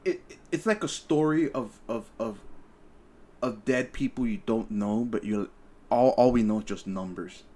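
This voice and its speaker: A man's voice: medium pitch, normal speed, a little mellow. A young man hosting a podcast, telling stories in casual chat, profane and rambling with lots of stammered restarts. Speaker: podcast host.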